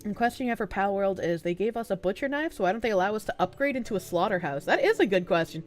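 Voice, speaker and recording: A young woman streamer with a stuffy nose, chatting casually and softly with her chat, giggling and swearing freely. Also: medium pitch, expressive, fast talker, faint music behind. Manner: soft-spoken, not loud, giggly, swears casually. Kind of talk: casual live-stream chat, reading chat messages aloud.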